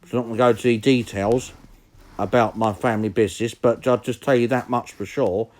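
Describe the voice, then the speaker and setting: Male commentator, middle-pitched voice, casual indignant rambling, frequent restarts. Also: fairly even intonation, brisk, darkish tone.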